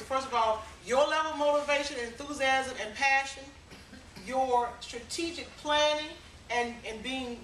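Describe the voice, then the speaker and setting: Woman speaker, higher voice, lively storytelling, echoey hall, mic kinda far. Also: a little hiss or hum. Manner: animated, acts out voices in anecdotes. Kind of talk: storytelling seminar talk.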